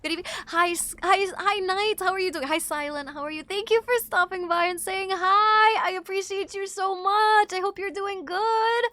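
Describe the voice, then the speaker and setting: A young woman from Wisconsin chatting on a live gaming stream, sick and sleepy, scattered and chatty with sudden loud outbursts. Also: extremely high pitch, steady tone, normal speed, few pauses, dry recording. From Wisconsin, USA. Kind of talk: casual live-stream chat while gaming.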